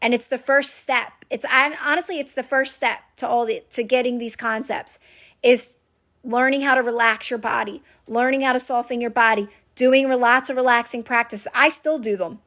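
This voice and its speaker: A woman's voice: fairly high pitch, fairly even intonation, normal speed, fairly bright tone. A woman coaching her viewers during a live stream, earnest and encouraging, often checking in with "right?" and "guess what?". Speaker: manifestation coach. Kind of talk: live-stream talk answering viewers' comments.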